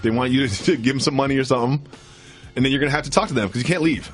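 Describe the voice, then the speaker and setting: A man co-hosting a podcast with quick, joking banter. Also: mid-range voice, faint music behind. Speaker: podcast co-host.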